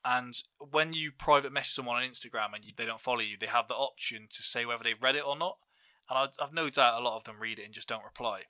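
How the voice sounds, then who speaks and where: A man's voice: mid-range voice, fast talker, no room sound. A man hosting a casual podcast chat with friends, telling stories with lots of laughs. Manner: lively storyteller, laughs often. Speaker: podcast host.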